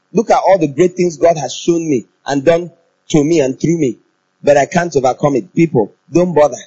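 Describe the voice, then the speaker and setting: A man preaching a sermon in an animated, playful way, often laughing and leading the congregation in chanting. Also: fairly high pitch, slightly rough, dull audio.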